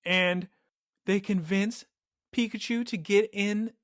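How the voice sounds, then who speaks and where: A man with a high, bright voice recaps a cartoon episode for his co-hosts, building it up with animated storytelling. The sound is close and dry, with no room around it. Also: takes it slowly, no room sound. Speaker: podcast host recapping an episode. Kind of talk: casual chat.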